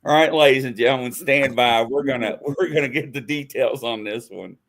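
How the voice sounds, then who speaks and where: Hosting a live chat show, this man speaks fairly quickly in a mid-range voice with a fairly bright tone. The stream is casual, full of his laughter, and he spells names aloud as he types them.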